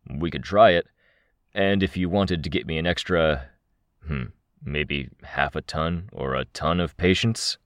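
Gruff impatient young guy, deep and slow, read by a man. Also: fairly bright tone, no room sound, studio quality, exaggerated voice. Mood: sardonic. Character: grumpy young builder Tristan, impatient.

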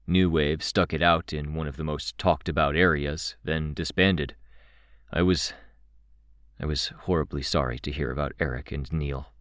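A man voicing a quiet, wistful middle-aged uncle who speaks in a soft, measured way. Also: extremely low pitch, steady tone, no echo, studio quality.

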